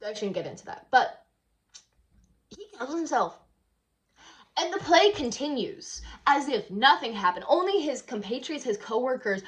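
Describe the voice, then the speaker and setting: A woman vlogger casually retelling a play in a hotel room, chatty and rambling with lots of fillers. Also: mid-range voice.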